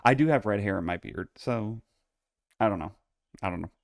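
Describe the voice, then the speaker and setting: A young man hosting a casual solo podcast, campy and playfully bossy, swearing freely and jumping into high squeals for jokes. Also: moderate pace, vocal fry, dry recording, clean studio sound. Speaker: podcast host.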